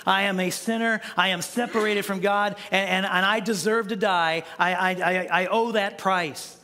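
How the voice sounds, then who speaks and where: A male pastor preaches in a loose, conversational way, stumbling over and repeating words as he goes. His voice sits high and sounds bright and forceful. Long reverb from the church hall trails every phrase. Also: steady tone, moderate pace. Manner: conversational preaching with frequent restarts and stammered repeats. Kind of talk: sermon. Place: church sanctuary.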